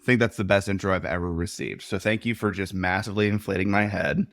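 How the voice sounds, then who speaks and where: A man's voice: sits low, steady tone, fast talker, a bit bright, no echo, clean studio sound. A man being interviewed as a podcast guest, explaining his views in a confident, direct way. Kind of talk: conversational interview.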